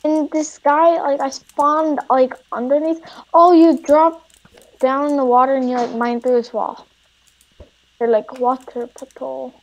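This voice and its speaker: High, slow-talking woman teasing in a mock accent. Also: fairly even intonation, poor audio. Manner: playful put-on accent with broken English. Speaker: gamer. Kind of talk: casual gaming chat.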